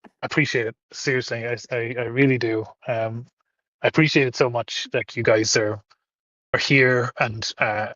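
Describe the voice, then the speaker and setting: A man's voice: mid-range voice, fairly bright tone, no echo, highs cut off. A man hosting a casual live-streamed chat, upbeat and effusive. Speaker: host.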